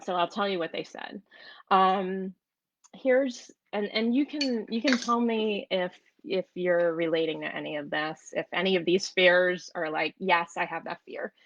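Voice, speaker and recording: A woman's voice: on the low side, a little slow, lo-fi sound. A woman with a New York and New Jersey accent, telling a story in a chatty, casual live-streamed talk as an online business coach. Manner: chatty, storytelling, many restarts.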